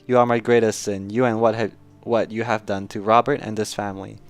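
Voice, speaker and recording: Guy reading crazed old noble grandpa, low voice, desperate and scornful, faint music behind. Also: little pitch movement, brisk, natural voice. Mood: hushed menace. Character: mad, guilt-ridden old male nobleman.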